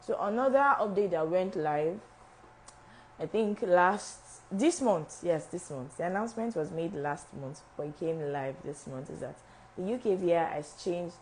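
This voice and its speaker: Low-voiced woman hosting a live session. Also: a little mellow, slight background noise, poor audio. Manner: repeats and restarts phrases, talks directly to viewers. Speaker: visa officer at a travel agency. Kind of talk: live-stream information session.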